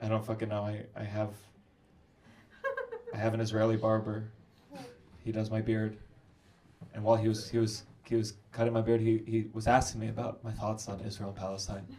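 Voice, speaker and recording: A man's voice: lowish voice, completely flat delivery, fairly quick, long pauses, dark tone. A man in his thirties doing stand-up crowd work on a club stage, brash and profane as he teases the audience. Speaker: stand-up comedian. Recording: noisy live club recording.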